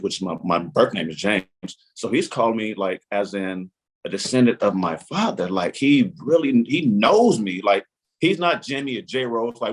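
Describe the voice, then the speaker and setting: A man's voice: lowish voice, husky. A man in his forties telling a long story as a podcast guest, acting out his own inner voice and the lines of others. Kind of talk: animated storytelling.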